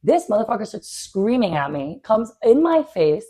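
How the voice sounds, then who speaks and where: A young woman co-hosting a podcast, telling a story in a casual, animated way, packed with fillers and swearing. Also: mid-range voice, moderate pace, husky. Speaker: podcast co-host.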